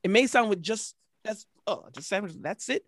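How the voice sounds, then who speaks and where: A man in casual podcast chat, pressing his point by repeating his words. His voice is high and the sound is dry. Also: lively intonation, normal speed, a bit bright, dry recording. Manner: emphatic, repeats himself.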